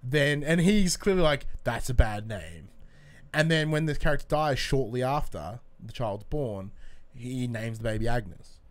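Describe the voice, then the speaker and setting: A man's voice: medium pitch, moderate pace. A young man co-hosting a podcast, talking casually about movies, swearing freely and tripping over his words. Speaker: podcast co-host.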